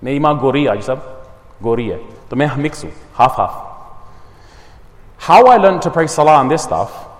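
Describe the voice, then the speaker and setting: A man teaching at a madrasa gives a community talk, mixing in Urdu and Arabic words and telling stories with lively energy. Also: mid-range voice, moderate pace, long pauses. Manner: mixes English with Urdu and Arabic words, animated storytelling. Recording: long hall reverb.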